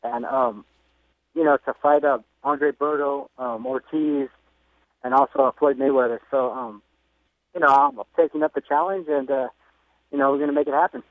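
A man's voice: mid-range voice, fairly even intonation, normal speed, no room sound. Hesitant male boxer on a tinny phone line. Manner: hesitant, full of ums and uhs. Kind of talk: phone interview.

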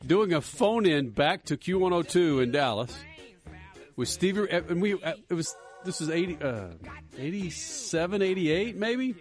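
A man's voice: sits high, lively intonation, a little slow, faint music behind. A man co-hosting a radio show, rambling through stories in casual on-air chat and laughing often.

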